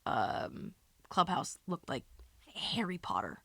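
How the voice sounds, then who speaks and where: A woman comedian hosting a podcast, spinning a long, animated, profane anecdote in casual chat. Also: fairly low pitch, slow, husky, dry recording.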